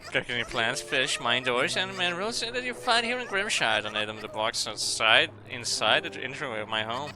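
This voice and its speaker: A man's voice: mid-range voice, expressive, a little fast, close to an everyday voice. A man reading a polite scholarly fox caretaker. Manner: formal, welcoming game dialogue read aloud.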